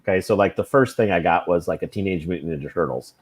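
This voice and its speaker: Deep-voiced man, halting and thoughtful. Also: husky. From California. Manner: halting, repeating words as he thinks. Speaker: comic book creator guest. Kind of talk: casual interview answers.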